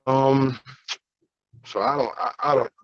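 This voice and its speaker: A man with a Cleveland accent, a guest on an interview show, talking in a halting way with many repeated words, heard over a breaking-up remote call. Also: mid-range voice, fairly even intonation, dry recording, highs cut off. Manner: halting, repeats words, says he is not a talker. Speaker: guest, co-founder.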